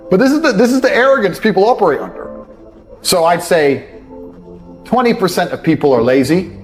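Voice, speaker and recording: A man, ranting bluntly and profanely in a motivational talk, scornful of others. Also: fairly high pitch. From England. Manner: profane, scornful, mocks others in put-on voices. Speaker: motivational speaker. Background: faint background music.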